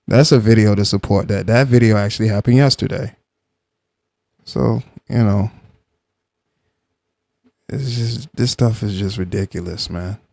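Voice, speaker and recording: A man hosting a live reaction stream, arguing with a guest and then calmly explaining his side to the chat. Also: fairly low pitch, unhurried, creaky, pauses often, no echo. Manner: argumentative, calm when explaining to chat.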